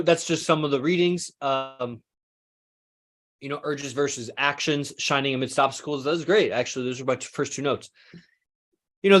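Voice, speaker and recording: A man's voice: a little high, fairly bright tone. A man hosting a podcast, musing in a casual, rambling way, swearing freely and correcting himself mid-sentence. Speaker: podcast host. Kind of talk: casual philosophical monologue.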